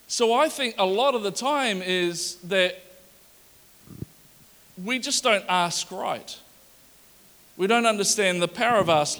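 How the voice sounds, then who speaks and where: A middle-aged male pastor preaching a sermon with lively energy, reading scripture aloud with rising emphasis. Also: high-pitched. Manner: energetic, animated preaching to a congregation.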